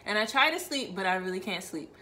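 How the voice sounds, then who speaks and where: A woman's voice: medium pitch, animated, fast talker, pushed and bright, slight background noise. A woman, casually telling a personal story to camera on her channel and acting out both sides of an argument. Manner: frequent "like" fillers, conversational.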